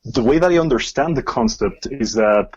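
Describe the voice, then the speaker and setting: A man's voice: medium pitch, expressive, normal speed, darkish tone, breathy edge. A man co-hosting a music podcast, speaking in an easygoing, hesitant way with many fillers. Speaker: podcast co-host. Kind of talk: casual music discussion. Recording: muffled lo-fi mic.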